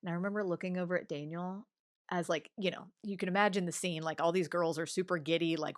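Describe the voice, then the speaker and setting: Woman in her 40s, interview guest, dry close sound, animated storyteller acting out other people's lines. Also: on the low side, quick pace, dry recording.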